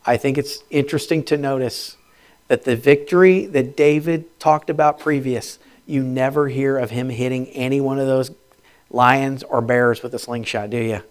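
A man preaching a sermon, moving from quiet, intimate lines to loud, emphatic peaks, laughing between phrases. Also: mid-range voice, fairly even intonation, moderate pace. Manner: swings from hushed to loud, rising emphatic preaching; laughs between phrases, speaks in quoted inner voices. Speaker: pastor.

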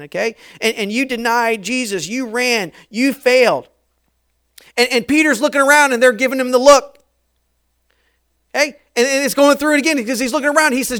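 A man's voice: extremely high pitch, clean tone. Passionate male preacher acting out scenes. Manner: dramatic, acts out voices of biblical figures, swings from soft to loud. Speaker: pastor. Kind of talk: sermon.

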